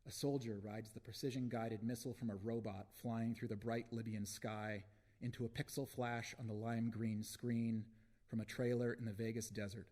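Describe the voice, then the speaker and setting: A man giving a live poetry reading in a concert hall, slow and deliberate with dramatic pauses, into a stage microphone. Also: medium pitch, mellow. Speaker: poet.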